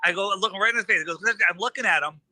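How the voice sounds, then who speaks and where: A man telling a story in casual chat, animated and acting out the lines of the people in it. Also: sits high, racing, no room sound, low-quality recording. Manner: animated, acts out quoted dialogue. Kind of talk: casual storytelling on a live stream.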